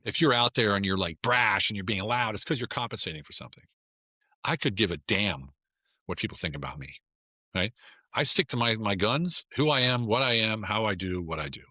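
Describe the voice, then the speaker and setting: A man's voice: on the low side, animated, fairly quick, bright, forceful tone, no echo, studio quality. A middle-aged American man, a guest on a casual podcast, talking in a blunt, emphatic way and often repeating himself. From United States.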